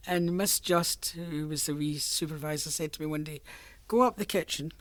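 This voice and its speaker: A woman's voice: sits low, moderate pace, dry recording. An older Scottish woman reminiscing about her working life in a chatty, storytelling way, laughing often. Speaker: interviewee. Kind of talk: reminiscing oral history.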